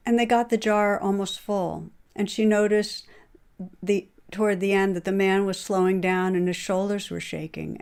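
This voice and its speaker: A middle-aged woman giving a dharma talk as a meditation teacher, retelling a story in a calm, measured way. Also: mid-range voice.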